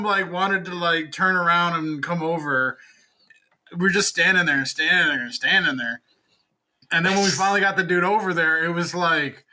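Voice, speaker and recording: A man's voice: on the high side, sharp tone, poor audio. A young man in casual podcast chat, rambling with lots of filler words and cursing. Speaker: podcast co-host.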